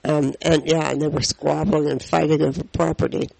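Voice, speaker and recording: A male co-host stumbles through his questions with plenty of ums and restarts. His voice is fairly gravelly and sits a touch high for a man. The sound is dry and close. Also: flat delivery, darkish tone, no room sound, rough recording. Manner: halting questions with many fillers. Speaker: radio co-host. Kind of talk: casual interview chat.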